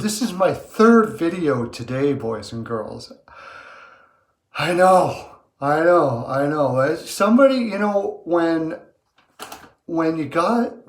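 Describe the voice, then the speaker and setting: A man's voice: a little high, unhurried. A man hosting a sports picks video, talking in a playful, self-mocking, rambling way from his bathroom. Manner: playful, self-mocking, animated swings in loudness. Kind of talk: rambling comic monologue. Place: small bathroom. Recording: echoey small room.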